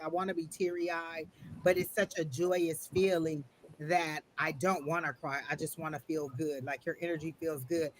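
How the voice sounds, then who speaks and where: A man gives a live online tarot reading in a gentle, reassuring way and often circles back over the same phrases. His voice sits a little high for a man. A faint hiss of noise runs underneath. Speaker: tarot reader and psychic.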